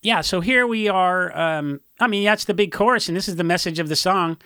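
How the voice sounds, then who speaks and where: A man's voice: sits high, fairly quick, pushed and bright, dry recording, studio quality. A man talking casually as a podcast guest, telling rambling stories with fillers and laughs. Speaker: podcast guest, punk musician. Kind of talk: casual chat.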